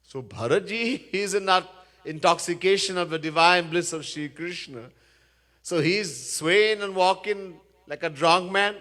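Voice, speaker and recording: A man's voice: high-pitched, a little slow, pushed and bright. A man preaching as a swami, telling a scripture story earnestly and chanting verses, recorded in a Hindu temple. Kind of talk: sermon storytelling. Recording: echoey temple hall.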